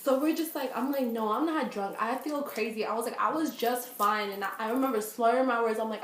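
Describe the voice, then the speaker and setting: A woman's voice: fairly high pitch, normal speed. Chatty woman in an echoey room. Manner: animated, lots of fillers, acts out quoted voices. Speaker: vlogger. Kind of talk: storytime vlog.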